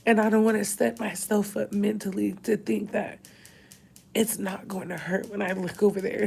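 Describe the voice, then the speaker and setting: A woman's voice: medium pitch, flat delivery, moderate pace, creaky, a little mellow, breathy edge. A woman in her thirties crying as she talks in a confessional vlog, her voice breaking into whispers and sighs. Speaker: vlogger. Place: hospital room.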